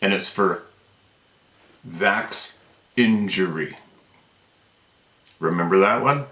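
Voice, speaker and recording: A deep-voiced man speaks straight into his camera, hammering his points home and repeating them as he grows more fired up. The room around him rings with a noticeable echo. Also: a bit bright. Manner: fired-up, emphatic, repeats himself. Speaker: channel host. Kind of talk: impassioned unscripted rant to camera.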